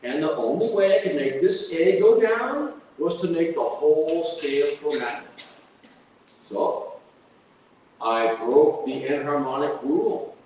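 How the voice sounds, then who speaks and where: A man's voice: on the high side, lively intonation, measured pace, darkish tone, slight background noise. Man lecturing from far off in a hall. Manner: hums and sings melodies with da-da syllables. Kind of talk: academic lecture with sung examples.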